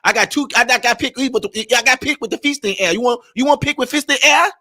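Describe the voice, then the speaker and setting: A man's voice: extremely high pitch, quick pace, pushed and bright, voice pushed up, heavily acted. A man voicing a chatty male shop owner with eager, pushy sales patter.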